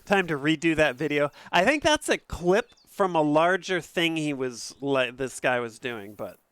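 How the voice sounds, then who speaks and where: A man's voice: fairly high pitch, animated, moderate pace, a bit bright, clear, resonant tone, no room sound. A man streamer chatting casually and reacting aloud as he plays a game. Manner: rambling, reacting aloud while gaming. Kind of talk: casual livestream chat.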